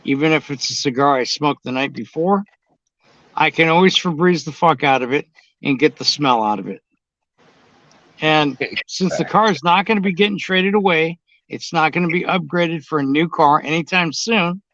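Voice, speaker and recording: Casting note: a blunt man who swears freely, voice on the higher side, dull lo-fi recording. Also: moderate pace, a bit bright, dry recording. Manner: blunt, swears constantly, drawling storyteller. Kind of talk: casual profane chat. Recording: dull, dry lo-fi sound.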